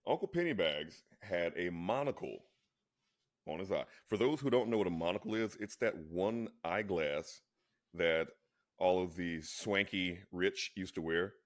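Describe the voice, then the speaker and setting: A man's voice: low voice, measured pace. A man co-hosting a casual chat, talking insistently and restarting his words a lot. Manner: insistent, animated when arguing; many restarts and repeated words. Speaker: co-host.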